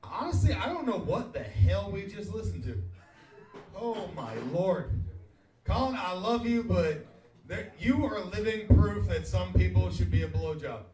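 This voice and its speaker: A high-voiced man with a lively, bouncing delivery opens his stand-up set by wryly ribbing the comic before him. His voice echoes through a bar, recorded from a distance with faint noise behind. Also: unhurried, faint music behind. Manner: wry, teasing the previous act. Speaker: stand-up comedian. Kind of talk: stand-up opening banter. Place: bar stage, live audience.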